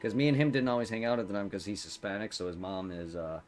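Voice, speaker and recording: A man's voice: on the low side, lively intonation, fast. A young adult man chatting casually while streaming a game, telling a long rambling story with lots of restarts. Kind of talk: casual chat while gaming.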